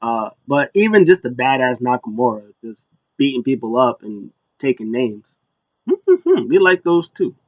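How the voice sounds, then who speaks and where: A man talking through a recap in a loose, rambling way, full of ums and uhs, sometimes slipping into quick put-on quotes. His pitch sits in the middle range for a man. The sound is dry and close, with no room around it. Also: lively intonation, dry recording, muffled recording. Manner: rambling, lots of fillers and acted-out quotes. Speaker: wrestling show recap host. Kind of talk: casual solo recap.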